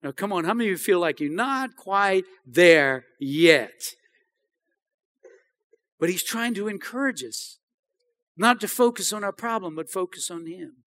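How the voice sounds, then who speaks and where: A man's voice: high-pitched, lively intonation, unhurried, long pauses, fairly bright tone. A man preaching a sermon as pastor, emphatic, often asking the congregation for an "Amen.". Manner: emphatic, repeats phrases and asks the congregation "Amen?".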